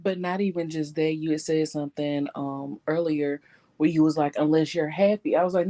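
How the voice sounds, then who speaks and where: A woman's voice: low voice, steady tone, normal speed, dark tone. Firm, plain-spoken woman co-host. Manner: chimes in with agreement, then speaks plainly and firmly. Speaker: podcast co-host. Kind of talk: casual chat.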